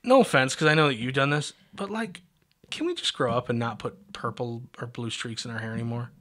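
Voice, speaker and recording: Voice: mid-range voice, brisk, fairly bright tone. A podcast co-host in casual studio banter, blunt and opinionated, teasing their partner.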